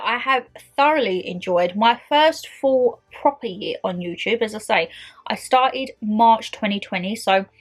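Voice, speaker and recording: Her voice fairly high and slightly rough, a twenty-something YouTuber addresses her viewers as "my lovelies" in a year-end vlog. She talks casually to camera with a warm, bubbly friendliness.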